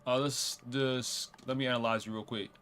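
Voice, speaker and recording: A man's voice: medium pitch, steady tone, moderate pace, fairly bright tone. A man streaming a game, chatting casually, riffing and reading dialogue aloud. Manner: chatty, reads dialogue aloud, riffs and jokes. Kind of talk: casual game let's play.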